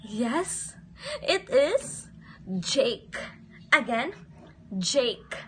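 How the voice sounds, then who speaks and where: A woman's voice: a little high, very animated, extremely slow, fairly bright tone, a little hiss or hum. A woman teaching a phonics lesson to young children, asking questions and having them repeat words in a sing-song way.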